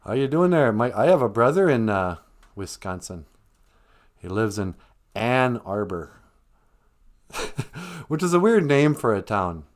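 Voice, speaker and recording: A man's voice: mid-range voice, sing-song, unhurried, long pauses. A man hosting a livestream, chatting casually from home in a rambling, joking way. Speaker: livestream host. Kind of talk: casual chat.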